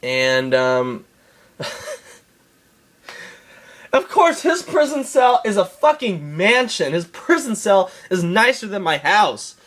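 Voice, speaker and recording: A man's voice: high-pitched, big pitch swings, slow, pauses often, a bit bright. A man giving a casual episode recap, rambling and swearing, often laughing. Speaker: show reviewer.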